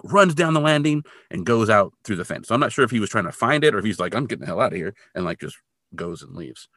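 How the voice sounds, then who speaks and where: A man's voice: fairly low pitch, no echo, studio quality. A man co-hosting a podcast, casually recapping a TV episode and acting out quotes as he goes. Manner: animated retelling, acts out quotes. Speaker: podcast co-host.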